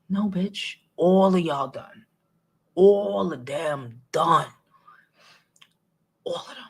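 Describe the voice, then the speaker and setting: A woman with a Brooklyn accent hosting a casual live-stream chat, talking in an animated, blunt way and swearing freely. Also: medium pitch, vocal fry, breathy edge. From New York City. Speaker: vlog host.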